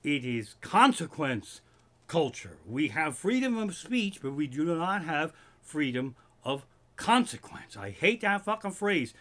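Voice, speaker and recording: A man in his living room doing a stand-up rant on a livestream. His pitch sits fairly high and swings up and down a lot as he rants with plenty of swearing. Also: a little slow. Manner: profane, ranting, animated. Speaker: comedian hosting a livestream.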